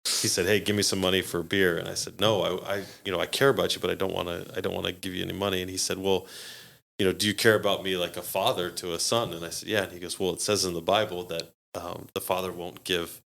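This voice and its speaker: A man's voice: sits low, quick pace, vocal fry. A man, a podcast guest, telling stories in a casual way and acting out the people he quotes. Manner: animated, acts out quoted voices with laughs. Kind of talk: casual storytelling.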